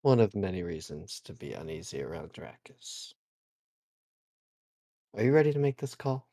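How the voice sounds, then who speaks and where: A man playing a tabletop role-playing game, talking in a wry, drawn-out way. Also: deep voice, sing-song, warm tone, dry recording. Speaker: player.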